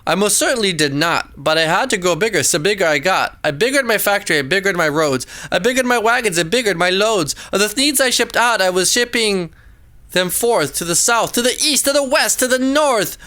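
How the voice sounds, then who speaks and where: Bright high-voiced man reading a rhyming story. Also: lively intonation, a little fast. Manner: sing-song rhyming delivery, pitch swooping up and down.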